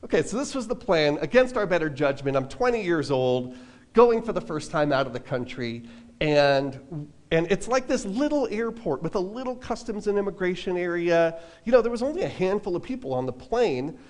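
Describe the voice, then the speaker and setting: A man preaching a relaxed sermon at a church service, telling a personal story with casual asides. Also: high-pitched, normal speed. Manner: casual, self-deprecating, lots of fillers and asides. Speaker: pastor.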